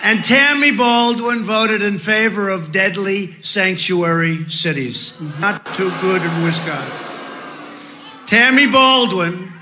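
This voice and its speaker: Male rally speaker: tense, forceful, fairly high voice; boastful ad-libs, shouted punchlines. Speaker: rally speaker introducing candidates. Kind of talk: political rally speech.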